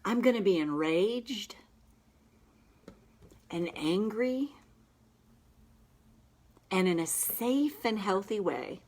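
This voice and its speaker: A woman practitioner guiding listeners through a tapping session with slow, emphatic affirmations. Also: mid-range voice, expressive, darkish tone.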